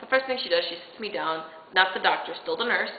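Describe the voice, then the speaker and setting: A woman's voice: fairly low pitch, fairly quick. A girl of seventeen rambling through a personal story, retelling each exchange with "I'm like" and the odd swear word. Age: late teens. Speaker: vlogger. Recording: tinny echoey room recording, faint hiss.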